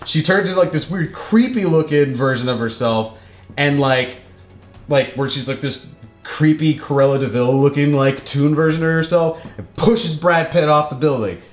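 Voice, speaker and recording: A man tells a film's story in loose, profanity-laced chat, tripping over filler words and slipping into goofy character voices. His voice sits a little high, and the recording rings in an echoey room. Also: moderate pace, faint music behind. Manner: rambling, profane, heavy on filler "like", acts out characters in silly voices. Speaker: podcast co-host retelling a movie plot. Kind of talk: casual comedic chat.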